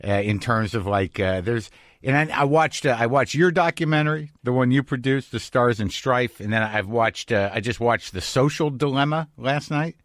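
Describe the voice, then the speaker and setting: A man's voice: mid-range voice, normal speed, a bit bright, no room sound, studio quality. Candid rambling male podcast host. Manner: rambling, restarts sentences, candid and reflective. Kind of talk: casual conversational monologue and interview.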